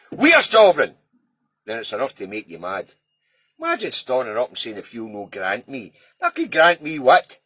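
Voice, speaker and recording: A Scottish man delivers a heated, sweary rant, his fairly high voice swooping up and down with every jab. The tone is bright and edgy but husky around the edges. The sound is close and dry. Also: no echo. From Scotland. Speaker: political video commentator. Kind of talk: angry ranting monologue.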